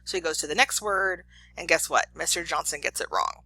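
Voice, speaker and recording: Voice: medium pitch, sing-song, fairly quick, gravelly, sharp tone, dry recording, low-quality recording. A professor giving a casual classroom lecture, chatty and full of fillers and acted quotes.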